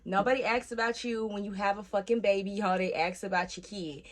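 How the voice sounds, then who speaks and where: A young woman vlogger telling a personal story in casual, animated chat, swearing freely and acting out the voices of the people she quotes. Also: medium pitch, a little fast.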